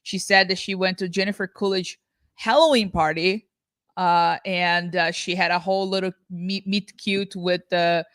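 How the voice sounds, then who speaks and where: A woman's voice: on the low side, steady tone, normal speed, fairly bright tone, dry recording, clean studio sound. Chatty woman co-hosting a podcast. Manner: chatty, with many restarts and fillers. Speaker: podcast co-host. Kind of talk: casual reaction chat.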